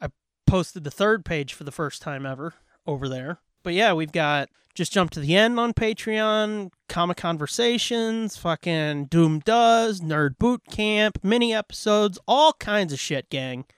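High-voiced profane podcast host. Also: male voice, animated, measured pace, a bit bright, clean tone, dry recording, clean studio sound. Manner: profane, rambling, laid-back. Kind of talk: casual podcast outro with plugs.

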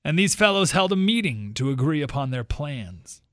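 A man hosts a talk radio show and reads a story aloud to his listeners. His voice sits a bit high and swings widely in pitch. The sound is dry and close. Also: no room sound. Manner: animated storytelling with quick asides.

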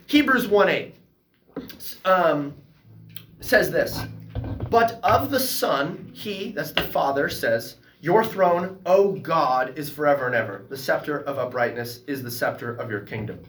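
A man teaching a Sunday school class, reading scripture aloud and breaking into excited exclamations. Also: fairly high pitch, measured pace, reverberant, a little hiss or hum. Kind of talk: Bible class lesson. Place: church classroom.

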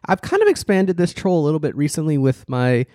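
Male podcast co-host, wry and animated, acts out quotes, dry studio sound. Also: fairly quick, dry recording. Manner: animated, ironic, restarts and leaps in pitch for emphasis; acts out quoted people in mocking voices. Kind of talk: casual political podcast chat.

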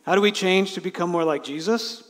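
A male pastor preaching in a church sanctuary, his somewhat high voice carrying a long reverb tail. He moves from loud, emphatic declarations to hushed lines that are nearly whispered. Conversational asides break in, sometimes with a light laugh. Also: brisk. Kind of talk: sermon.

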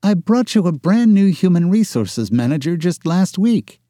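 A male audiobook narrator voicing a sharp-tongued young woman employee, exasperated and teasing, her lines lifted higher than his own voice. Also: big pitch swings, normal speed, no room sound, clean studio sound. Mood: wry. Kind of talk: audiobook character voice.

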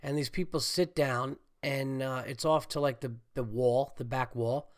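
A congested man, a stand-up comedian and podcast host, talking in a rambling, animated monologue full of fillers and swearing. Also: medium pitch, a little slow. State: congested, getting over a cold. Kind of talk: casual solo podcast monologue.

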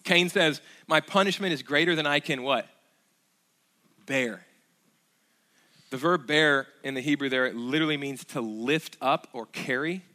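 A man's voice: on the high side, unhurried, long pauses, bright, forceful tone. A man preaching a sermon as pastor, earnest, asking the congregation rhetorical questions, with fillers and restarts.

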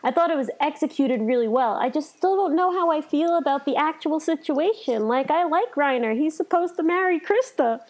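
Young female co-host, high voice, chatty and thoughtful. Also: animated, moderate pace, few pauses, a little mellow. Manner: chatty, thoughtful, lots of filler. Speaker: podcast co-host. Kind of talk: casual anime review chat.

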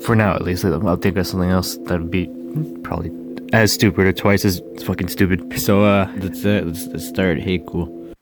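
A man's voice: low voice, fairly even intonation, normal speed. A young man making a joking amateur ASMR video, stammering, swearing often and mocking himself. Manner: rambling, stammering, swears a lot, self-mocking. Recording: music playing loudly behind.

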